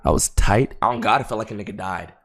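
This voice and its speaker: The young man on this stream is telling his chat a rambling story, cursing plenty and tripping into restarts. At times he's low and quiet, at others loud and high.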